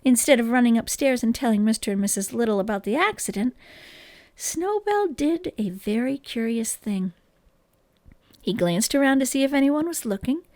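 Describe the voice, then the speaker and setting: Woman reading a kids book aloud, gentle and expressive, dry close mic. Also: a little high, no echo.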